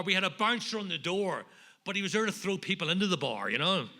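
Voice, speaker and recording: A man's voice: high voice, pushed and bright. A man with a Northern Irish accent, telling his recovery story at a meeting in a wry, self-deprecating way, landing jokes for the audience. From Northern Ireland. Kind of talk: humorous personal recovery talk.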